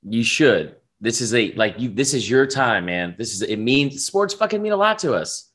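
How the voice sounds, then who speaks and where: Male show host, lively pitch, excitable and laughing, swears freely. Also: moderate pace. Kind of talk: casual chat reacting to fan voicemails.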